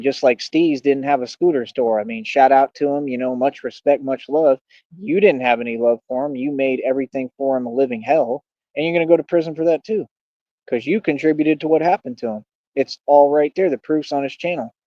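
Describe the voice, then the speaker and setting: A man's voice: medium pitch, dry recording, dull audio. A man hosting a livestream, combatively mocking and taunting a rival in a heated rant. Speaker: livestream host.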